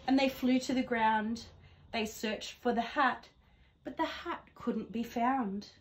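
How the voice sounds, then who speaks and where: Teacher lady reading a storybook to kids, high voice, nice and slow, really expressive. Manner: gentle, expressive, rhyming storytelling. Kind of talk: read-aloud storytelling for children.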